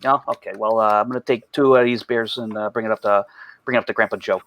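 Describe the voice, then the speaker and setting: A man's voice: lowish voice, fairly even intonation, fast, fairly bright tone, no room sound, lo-fi sound, pitched below the performer's own voice. A man imitating his mustached uncle, an easygoing Chicago guy with a heavy Chicago accent. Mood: folksy. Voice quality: thick exaggerated drawl.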